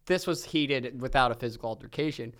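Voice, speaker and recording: A man's voice: mid-range voice, fairly quick, fairly bright tone. A man co-hosting a casual comedy podcast, talking profanely and jumping into mocking impressions as he recaps a reality show. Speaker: podcast co-host.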